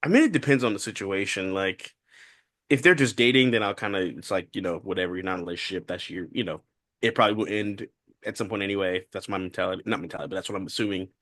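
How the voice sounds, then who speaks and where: Podcast co-host, man, mid-pitched, laid-back storyteller, dry close sound. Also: quick pace, dry recording. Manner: relaxed, retells stories with quoted voices, laughs easily. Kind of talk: casual chat, storytelling.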